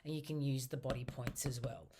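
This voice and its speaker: Deep-voiced woman walking you through tapping, gentle, repeats the phrases slow. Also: noisy background. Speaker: tapping practitioner. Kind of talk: guided self-help instruction.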